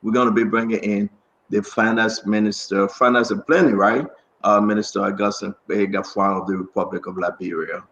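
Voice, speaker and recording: A man's voice: fairly low pitch, little pitch movement, brisk, a bit bright, echoey room, low-quality recording. A man hosting a casual online talk show, chatty and upbeat, drifting into preachy asides.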